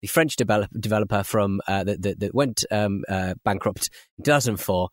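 Low-voiced northern English man, rambling. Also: brisk, dry recording, clean studio sound. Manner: rambling, chuckles through his sentences. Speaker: podcast co-host. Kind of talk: casual podcast chat.

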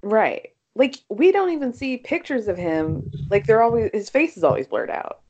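A woman's voice: a little high, big pitch swings, moderate pace, darkish tone, breathy edge. An American woman chatting casually about reality TV, filling her talk with "like" and agreeing often. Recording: dull, lo-fi sound.

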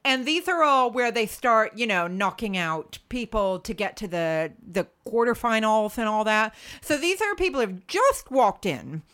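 Lively, animated woman co-host. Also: on the high side, a little slow, few pauses, smooth. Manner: chatty, animated, self-mocking. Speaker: podcast co-host. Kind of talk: casual chat.

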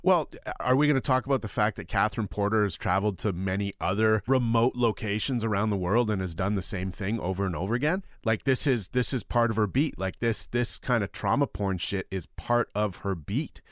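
A man holds forth on a podcast panel, heated and emphatic, and he swears freely as he makes his point. His voice sits on the low side. The sound is dry and close, with no room around it. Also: a little fast, few pauses, no room sound. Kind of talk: heated opinion talk.

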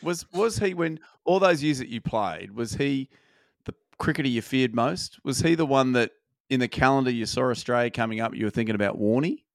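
A man, the podcast producer, asking eager quick questions in a casual chat. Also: mid-range voice, lively intonation, dry recording, studio quality.

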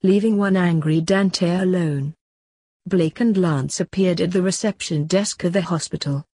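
A woman, host and author of the podcast, reading her own story aloud in a plain, unhurried way. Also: lowish voice, dark tone, no room sound. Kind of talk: storytelling narration.

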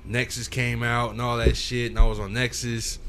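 A man in his thirties, a music producer, telling stories in a relaxed, casual podcast chat. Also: medium pitch, normal speed, a little hiss or hum. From St. Paul, Minnesota. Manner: laid-back storytelling, breaks into freestyle rhymes and mimicry.

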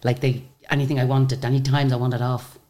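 An Irish woman telling a story as an interview guest, chatty and animated, full of asides and restarts. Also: extremely low pitch, a little fast. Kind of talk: conversational storytelling.

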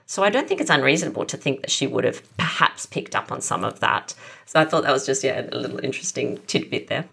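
Woman, very deep gravelly voice, podcast guest, discursive historian. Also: lively intonation, quick pace, bright, forceful tone. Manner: thoughtful, explains at length with many asides. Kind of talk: podcast interview.

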